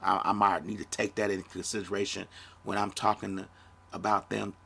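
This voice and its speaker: A man's voice: sits low, level tone, a little fast, vocal fry, fairly bright tone, husky. A man in his fifties, a podcast host, talking bluntly in a casual monologue and swearing freely. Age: 50s. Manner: blunt, profane, conversational.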